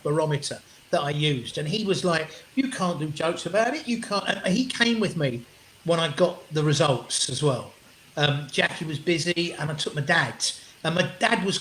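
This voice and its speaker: A man, a comedian guest telling animated, sweary stories in an interview and acting out what people said. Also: fairly high pitch, slight background noise. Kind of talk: storytelling interview chat. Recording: roomy echo.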